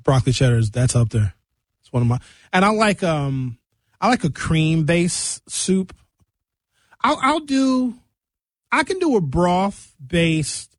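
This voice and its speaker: A young man hosting a radio show, chatting casually with jokes and quick tangents. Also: a little high, no room sound. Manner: animated, jokey, jumps between tangents. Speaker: radio host.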